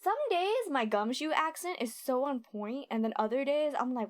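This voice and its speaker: A woman streaming a game, chatting casually and excitably with lots of giggles. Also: high-pitched, normal speed. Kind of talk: casual let's-play commentary.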